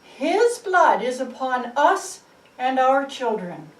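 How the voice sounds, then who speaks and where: A woman voicing an angry crowd that shouts loud, chanting demands, in a roomy space recorded from a distance. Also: sits high, sing-song, slow pace, full character voice. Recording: roomy, distant mic, faint ambience.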